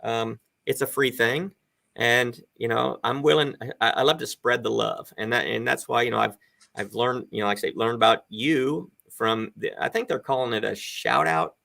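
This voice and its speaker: A man in his fifties chats over a video call with a gravelly, fry-edged voice. His tone is bright and forward as he rambles on with enthusiasm, piling one thought onto the next. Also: medium pitch, moderate pace. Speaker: guest on a live stream chat. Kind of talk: casual chat.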